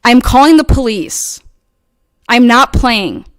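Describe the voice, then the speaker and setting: A woman's voice: a little high, expressive, slow, dry recording. A woman hosting her own channel, delivering a heated, profane, combative rant at her critics. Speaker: channel host. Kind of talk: angry livestream rant.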